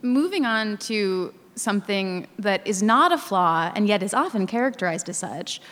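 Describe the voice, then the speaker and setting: Woman interviewer, calm and measured, medium pitch, long echo in a hall. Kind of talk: interview questions.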